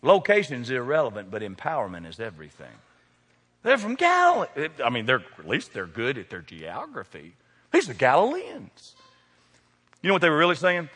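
Male pastor, folksy humor, bright tone, long church reverb. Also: medium pitch, huge pitch swings, normal speed, slightly rough. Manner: folksy, joking preacher addressing congregation by name. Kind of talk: sermon. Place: large church sanctuary. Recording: long hall reverb from sanctuary.

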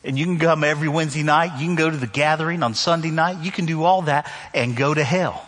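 A man's voice: fairly high pitch, quick pace, fairly bright tone. A man from the northern United States preaching a sermon to his church, conversational and joking, with emphatic repetition. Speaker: pastor. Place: church sanctuary. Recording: long hall reverb.

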